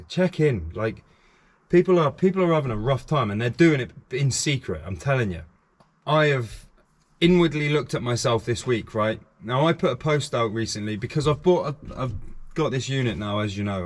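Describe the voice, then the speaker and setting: A man's voice: mid-range voice, big pitch swings, moderate pace. A middle-aged man talking frankly and earnestly to camera on his own vlog, repeating phrases for emphasis. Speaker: YouTube channel host.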